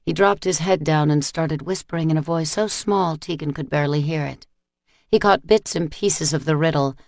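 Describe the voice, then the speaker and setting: A male audiobook narrator reading a dark novel in measured, dramatic tones. His mid-range voice carries a gravelly edge, recorded close and dry in a studio. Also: on the high side, no echo. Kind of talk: scripted narration.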